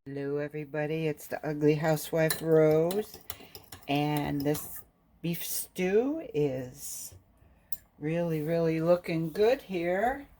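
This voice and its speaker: A woman's voice: low-pitched, slow pace, dark tone, a little hiss or hum. A woman home cook chatting casually about a stew and telling a story in a homey, rambling way. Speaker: cooking vlogger. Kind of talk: casual cooking chat and storytelling.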